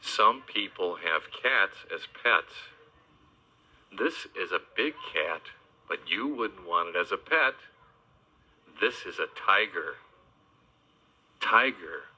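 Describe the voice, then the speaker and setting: Male kids' educator, slow and playful, low and very bright voice, dull lo-fi recording. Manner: slow, playful, spells words out and makes animal noises. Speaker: children's educational host. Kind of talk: teaching young children about animals.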